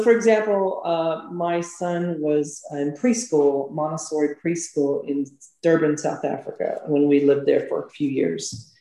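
Mellow-voiced woman from Texas. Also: low-pitched, echoey room, poor audio. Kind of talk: casual chat.

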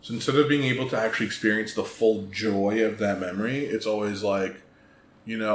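A man co-hosting a podcast from the United States, chatting in a relaxed way with lots of ums and mm-hmms. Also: fairly low pitch, brisk. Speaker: podcast co-host. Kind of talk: casual chat. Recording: echoey room with faint noise.

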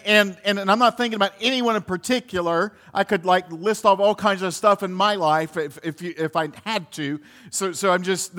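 A man with a fairly high voice delivers a sermon in an easy, conversational way. He circles back and repeats himself as he hunts for the words, and drops in a few small laughs. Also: sharp tone. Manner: conversational preaching with many restarts and laughs. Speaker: pastor.

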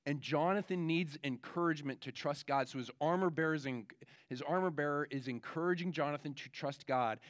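A man preaching a children's sermon as pastor, telling stories in a lively, chatty way with many fillers. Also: a little high, a little fast, no room sound, studio quality. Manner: animated storytelling, many fillers.

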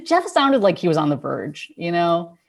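A woman casually telling a rambling, animated story over a video call, swearing freely. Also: lowish voice, moderate pace, gravelly.

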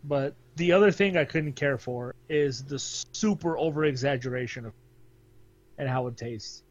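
A man's voice: mid-range voice, moderate pace, dull audio. A man co-hosting a podcast, chatting casually and laughing often. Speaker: podcast co-host. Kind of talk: casual chat.

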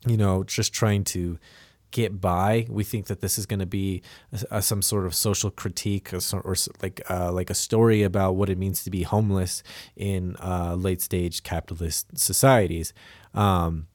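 A man's voice: deep voice, steady tone, moderate pace, a little mellow, dry recording, studio quality. A man co-hosting a podcast, casually talking through a film with many fillers and restarts. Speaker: podcast co-host.

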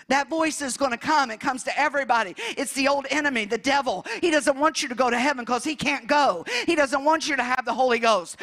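An older woman in her sixties preaching with fervor, her voice pitched high and ringing bright. She calls out hallelujahs and swings between loud proclamations and quiet, intimate storytelling. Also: fairly quick. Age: 60s. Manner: fervent, calls out hallelujahs, shifts from loud to hushed. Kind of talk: Pentecostal sermon.

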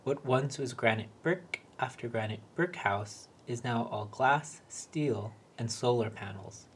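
A man reads a short story aloud. His delivery is wry and deadpan. His voice sits in an ordinary middle range. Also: mid-range voice, slow pace, a little hiss or hum. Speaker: reader.

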